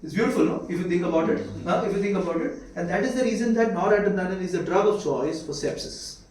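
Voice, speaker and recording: A man's voice: sits high, quick pace, a little mellow. A man with an Indian accent giving a medical lecture, constantly quizzing his students with rhetorical questions. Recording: echoey room, mic far off, faint hiss.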